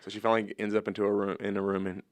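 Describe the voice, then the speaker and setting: A man's voice: fairly low pitch, completely flat delivery, rapid-fire, no room sound. A young man co-hosting a podcast, joking and chiming in with short agreements during a casual TV recap. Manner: jokey, chimes in short agreements. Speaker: podcast co-host.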